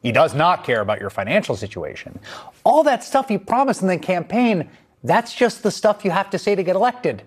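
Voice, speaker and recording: A man's voice: high-pitched, big pitch swings, fairly quick, slightly rough. A man hosting a news show, delivering scripted political commentary in a sardonic, emphatic way.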